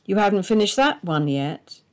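A woman voicing a weary middle-aged husband who answers in a calm, dismissive way. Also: medium pitch, moderate pace, natural voice. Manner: level, dismissive.

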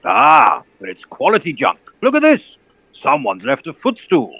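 A man's voice: a little high, unhurried, creaky, slightly rough, no room sound, full character voice. A man playing a pompous, blustering old colonel who hunts for bargains. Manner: blustering, posh, excitable.

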